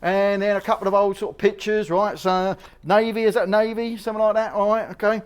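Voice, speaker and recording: A man's voice: sits high, level tone, a little fast, smooth. A man with a Cockney accent, an auctioneer chatting casually as he walks through the lots. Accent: London Cockney. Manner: chatty, cheeky, full of slang asides. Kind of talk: casual walkthrough chat.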